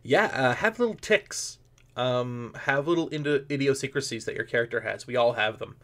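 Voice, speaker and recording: A man's voice: medium pitch, normal speed, a bit bright. A man, a comedian and improviser, talking as a podcast guest and rambling through his points with lots of fillers and restarts. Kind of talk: casual podcast interview.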